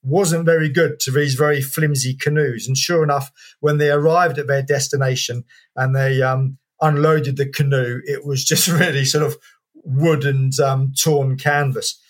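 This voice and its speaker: A man, an author and historian, answering an interview question as a lively anecdotal story with many fillers and restarts. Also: mid-range voice, normal speed.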